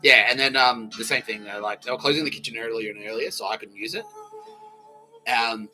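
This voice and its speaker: An Australian man hosting a solo comedy podcast, rambling and profane, laughing often and slipping into quick impressions. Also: medium pitch, pushed and bright, faint music behind, poor audio. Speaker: podcast host.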